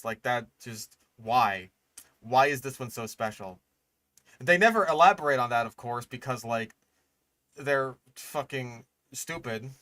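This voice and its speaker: A man's voice: mid-range voice, animated, unhurried, pushed and bright, no echo. Young guy ranting at a video, sarcastic and annoyed, dry close mic. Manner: exasperated, sarcastic, swears a lot. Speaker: streamer reacting to a video. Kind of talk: casual reaction commentary.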